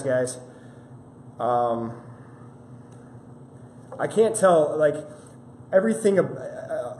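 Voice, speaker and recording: A man's voice: a little high, darkish tone. A man hosting a live fitness stream, chatting casually and apologetically while greeting viewers, recorded through a camera mic. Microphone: camera-mounted mic. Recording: roomy echo with faint ambient noise.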